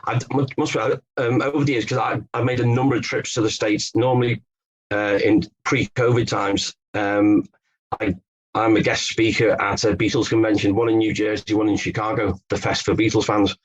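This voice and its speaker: Husky-voiced man, muffled audio. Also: fairly low pitch, flat delivery, normal speed. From England. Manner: storytelling, explanatory, with fillers and restarts. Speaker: author and Beatles expert guest. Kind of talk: podcast interview answers.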